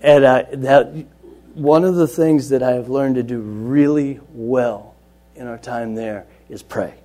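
A man who leads Bible study at a juvenile center, giving an earnest personal testimony that moves between quiet and loud, lively telling. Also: mid-range voice, a little slow. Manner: earnest storytelling, swings from soft to loud and lively.

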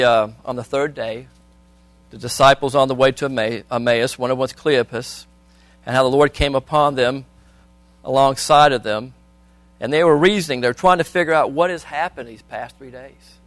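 A man preaching a sermon, reading scripture aloud and asking the congregation questions, swinging between soft and loud. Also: mid-range voice, no echo.

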